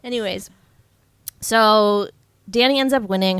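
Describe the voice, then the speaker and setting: A woman's voice: medium pitch, fairly even intonation, moderate pace, fairly bright tone, smooth, no room sound. A young woman co-hosting a podcast, casually recapping a movie plot with lots of "like" and "um" and frequent swearing. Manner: chatty, swears freely, full of "like" and "um". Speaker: podcast co-host.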